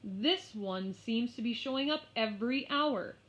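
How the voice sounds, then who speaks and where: A woman's voice: a little high, expressive, a little slow, a bit bright, pitched above the performer's own voice. Stern tall teacher, read by a woman. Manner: clipped, strained patience. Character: tall stern male schoolteacher, easily irritated. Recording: slightly muffled lo-fi.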